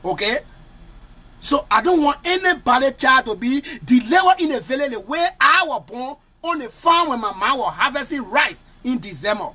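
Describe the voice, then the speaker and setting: Tearful high-voiced man hosting. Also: animated, moderate pace, pushed and bright. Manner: impassioned, close to tears, repeats phrases. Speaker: live show host. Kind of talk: emotional live call-in talk.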